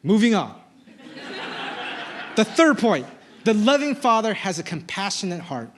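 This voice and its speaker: High-voiced animated pastor, man. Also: unhurried, a little hiss or hum. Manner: casual and animated, heavy use of "like" fillers. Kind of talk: sermon with personal storytelling. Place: church service.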